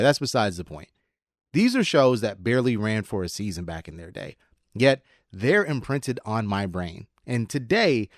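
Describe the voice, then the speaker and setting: Male host, 30s, middle-pitched, scripted but loose commentary with a radio-voice lilt, dry recording. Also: dry recording. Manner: casual, slightly sardonic, drifts into a radio voice.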